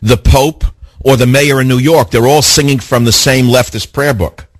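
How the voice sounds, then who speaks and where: A man's voice: mid-range voice, steady tone, moderate pace, dry recording. A male talk radio host in a heated monologue, ranting and hammering his listeners with rhetorical questions.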